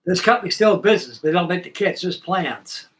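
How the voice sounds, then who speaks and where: A man's voice: high-pitched, lively intonation, fairly quick, fairly bright tone, far from the mic, rough recording. A middle-aged man hosting a live stream, chatting casually and folksily while he builds models, with rambling talk and casual swearing.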